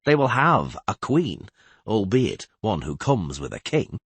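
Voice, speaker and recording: A calculating king who needles the others with sardonic mockery. A man acts him out in a husky voice that rises and falls a great deal. The recording is close and dry. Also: fairly low pitch, huge pitch swings, measured pace, dry recording, exaggerated voice. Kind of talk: audiobook character voice.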